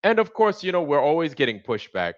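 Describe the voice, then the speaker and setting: A man's voice: fairly high pitch, sing-song, a little fast, muffled recording. A man hosting a livestream, talking casually and animatedly while acting out both sides of a conversation. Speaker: livestream host. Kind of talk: casual monologue.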